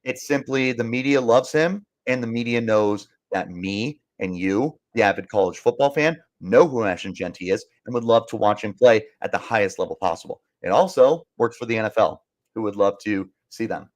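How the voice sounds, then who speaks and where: Reading out live comments, a young sports podcast host gets fired up, ranting with emphasis and repeating himself out of frustration. He speaks at a moderate pace in a voice on the low side.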